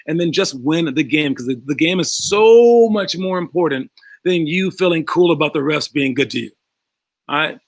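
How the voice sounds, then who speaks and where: A basketball coach talks to his young players in a calm, easygoing way, slipping into the voices of people he quotes. His voice sits a little high for a man. The sound is dry and close, with no room echo. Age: adult past college.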